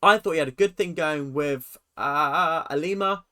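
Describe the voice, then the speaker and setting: Animated, sarcastic ranter. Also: normal speed. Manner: animated, sarcastic, jumping pitch. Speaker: YouTube commentator. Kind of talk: ranting reality-TV ranking commentary.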